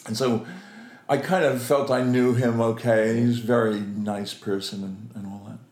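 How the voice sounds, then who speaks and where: A man recounting a story as an interview guest, animated and quick to laugh, voicing the people he quotes as he goes. His voice sits in the middle range. The room around him rings with echo. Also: mid-range voice. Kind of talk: anecdotal storytelling.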